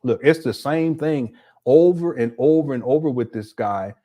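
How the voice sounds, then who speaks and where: A man's voice: mid-range voice, normal speed, warm tone. Indignant man hosting reaction commentary. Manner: indignant, talks straight to viewers. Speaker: commentary channel host. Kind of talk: reaction commentary on video clips.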